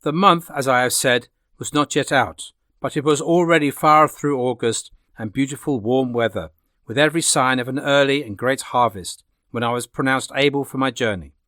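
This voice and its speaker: A man narrating a classic adventure novel in a steady, plain reading voice. His pitch sits in the middle range. The recording is dry and close, with no audible room. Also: moderate pace, no room sound. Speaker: audiobook narrator. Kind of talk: audiobook narration.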